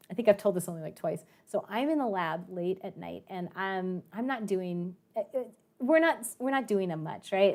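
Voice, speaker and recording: A woman math and science teacher telling a story to her students in a chatty way, with many fillers and acted-out quotes. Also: medium pitch. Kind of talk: storytelling to students in an online class.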